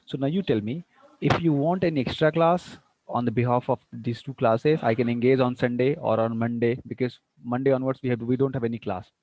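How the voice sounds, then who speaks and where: A man teaching a class online through a computer mic, unhurried, often repeating words as he plans what to say. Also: mid-range voice, fairly even intonation. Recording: dull lo-fi sound.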